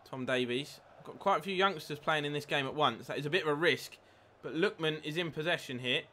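A young man live-streaming a football game, chatting with viewers and getting excited at near misses. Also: on the high side, fairly quick. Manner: chatty, reads chat aloud, excitable at goals. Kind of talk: live gameplay commentary and chat.

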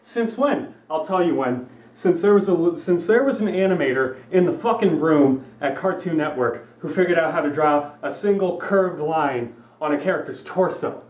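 A man's voice: fairly high pitch, lively intonation, normal speed, a little mellow, reverberant, recorded from a distance. A young man delivering a profane, rambling comedy rant, repeating himself to hammer points. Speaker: comedy vlogger.

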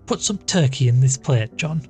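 A man voicing a hearty, mischievous young country woman who talks brisk and impatient. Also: medium pitch, lively intonation, darkish tone, soft background music, lightly acted. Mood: bossy.

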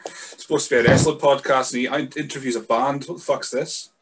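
Over a remote call, a man with a light Scottish accent hosts a casual podcast chat, quick and self-mocking, with lots of stammered restarts and the odd swear. His medium-pitched voice has fairly even intonation, and the background is noisy.

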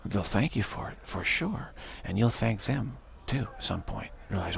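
A man's voice: on the low side, lively intonation, moderate pace, hardly any pauses, a bit bright, slight background noise. A man giving an informal religious sermon as a spiritual teacher, rambling and repeating himself, with emphatic declarations. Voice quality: gravelly, husky voice. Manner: rambling, repetitive, with many restarts and emphatic declarations.

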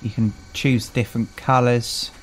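Poor audio with slight background noise captures a British gaming channel host in an unhurried, flat, medium-pitched voice. Even so, his let's-play commentary is chatty and wry, and he says hi to each character he encounters.

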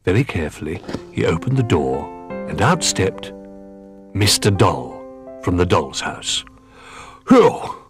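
A man reading a children's storybook aloud as narrator, gentle and unhurried. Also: sits low, big pitch swings, over music.

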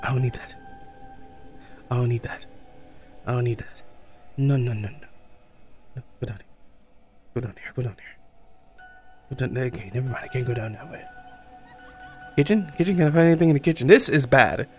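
A man streaming a horror game, talking to himself in casual commentary, swearing and jumping to a high squeal when startled. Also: a little fast, long pauses, darkish tone, soft background music. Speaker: gaming streamer.

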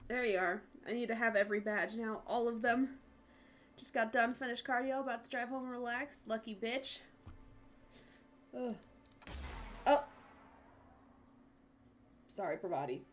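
Slow-talking woman streamer. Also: on the high side. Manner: chatty, swears often, talks to her pets. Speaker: gaming streamer. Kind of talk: casual livestream chat. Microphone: headset.

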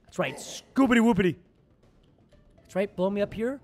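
A man commentating his own game on a livestream, excitable and jokey, shouting when frustrated. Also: sits high, moderate pace, faint music behind. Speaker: gaming livestreamer. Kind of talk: casual gaming livestream commentary.

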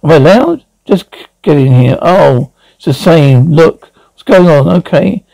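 A man voicing an excitable cartoon character in animated series dialogue. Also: on the high side, measured pace, creaky, no room sound, heavily acted, rough recording.

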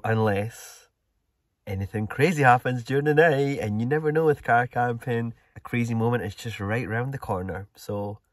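Scottish guy rambling on about his camping trip, low-ish voice, laid back. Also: no echo. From Scotland. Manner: chatty, easygoing, rambling. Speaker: vlogger. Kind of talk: casual vlog chat. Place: car camping outdoors by a loch.

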